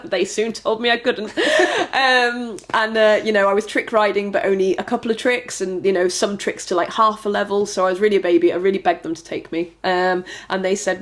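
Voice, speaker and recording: A woman's voice: medium pitch, fairly even intonation, fairly quick. A woman guest telling her story in a casual interview, chatty and rambling, with many fillers and restarts. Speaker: trick rider, podcast guest.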